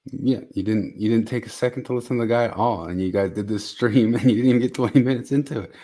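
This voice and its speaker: A man's voice: fairly low pitch, fast talker, dark tone. A man co-hosting a casual podcast, exasperated and ranting, with mocking asides. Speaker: podcast co-host.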